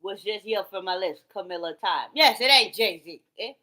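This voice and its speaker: A woman's voice: mid-range voice, lively intonation, normal speed, sharp tone. A woman ranting straight to camera in a profane, rambling, heated way.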